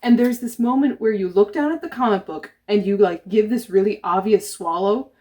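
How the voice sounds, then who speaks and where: A woman co-hosting a casual comics chat with her husband, chatty and quick to laugh. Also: medium pitch, a little mellow. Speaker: co-host.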